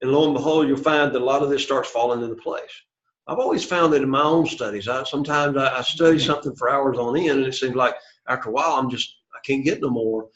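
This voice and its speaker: A man's voice: medium pitch, quick pace, a bit bright. A man teaching a classroom lesson, who praises students often and keeps checking that they follow. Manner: encouraging, repeats praise. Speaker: Greek teacher. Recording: echoey room, dull lo-fi sound.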